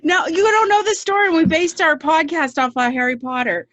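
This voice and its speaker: A woman co-hosting a podcast in casual chat, telling stories in an animated way and swearing freely. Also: very high-pitched, normal speed, dry recording, rough recording. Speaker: podcast co-host.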